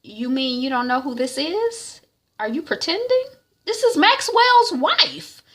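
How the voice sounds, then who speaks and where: An earnest big sister explains herself and pleads in a raised, husky voice, as a woman puts her on. Her pitch rises and falls in a lively way. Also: moderate pace, full character voice. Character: young woman, an anxious older sister.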